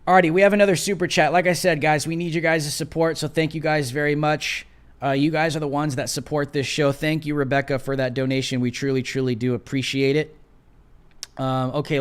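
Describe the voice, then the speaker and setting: A man hosts a live political commentary stream in a somewhat high voice for a man. He talks casually and animatedly, leaning on slang and repeating himself. He thanks and reads out viewers' donations between his opinions. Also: steady tone, a little fast, clear, resonant tone. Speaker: host of a live show.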